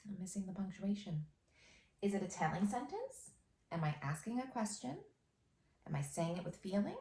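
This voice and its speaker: A young adult woman teaching a first grade phonics lesson, encouraging and sing-song, stretching out sentences slowly as she dictates them. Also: medium pitch, big pitch swings, mellow, slight background noise. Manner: slow, drawn-out dictation of sentences. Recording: echoey room.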